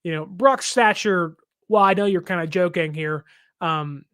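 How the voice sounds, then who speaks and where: A man's voice: high voice, normal speed, fairly bright tone, clean tone, no room sound. A young adult man hosting a sports podcast, talking casually in a chatty way, laughing often and acting out fans' complaints. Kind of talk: casual reaction commentary.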